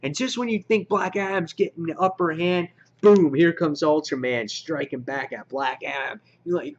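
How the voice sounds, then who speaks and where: An excitable man reviewing a comic in a casual, slangy way, his voice sitting a little high. The recording sounds dull and lo-fi. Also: unhurried. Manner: excitable and slangy, acts out his own gasps.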